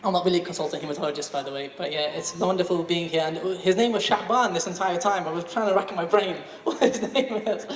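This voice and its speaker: A former student giving a jokey, hesitant anniversary speech at a school event. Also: male voice, high voice, fast talker, hardly any pauses, a little hiss or hum. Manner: jokey, hesitant storytelling with fillers. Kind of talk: anniversary speech with a humorous anecdote. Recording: echoey hall, speaker far from mic.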